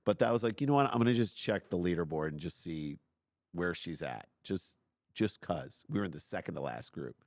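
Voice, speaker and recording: A middle-aged man hosting a podcast, telling a personal story in an animated, self-deprecating way and acting out his own outbursts. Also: low-pitched, a little fast, gravelly, no room sound, studio quality. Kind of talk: casual storytelling.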